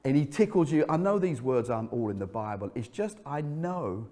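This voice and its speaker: A man preaching a sermon as pastor, telling a story vividly and dropping his voice low for emphasis. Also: expressive, moderate pace, warm tone. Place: church hall. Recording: church hall reverb.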